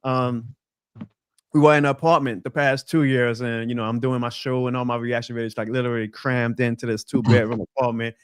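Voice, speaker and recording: A man's voice: a little fast, clear, resonant tone, no room sound, studio quality. A young man with a thick New Orleans Southern accent, chatting as a podcast guest and telling stories animatedly. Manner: animated storyteller, lively pitch jumps. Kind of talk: casual chat on a video call.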